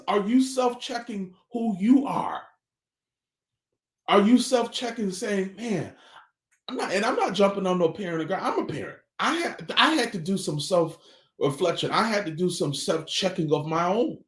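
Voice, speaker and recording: A man with a noticeably high voice delivers a morning motivational talk on family life, speaking in an echoey room. He is earnest and preachy, pressing his listeners with one pointed question after another. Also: animated, measured pace, a bit bright.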